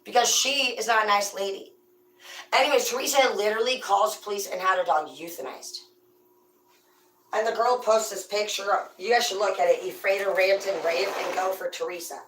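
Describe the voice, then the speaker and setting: A woman's voice: medium pitch, normal speed, fairly bright tone. A woman hosting a tarot channel, ranting casually with brash, profane, rambling talk. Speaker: tarot reader and host. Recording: echoey room, voice far from the mic.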